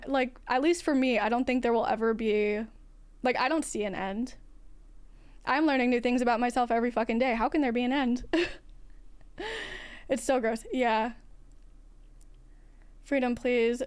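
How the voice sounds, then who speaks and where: A non-binary livestream host with a feminine-sounding voice chats frankly and casually, swearing now and then and laughing often. The voice reads as female, a little high, slightly mellow and smooth.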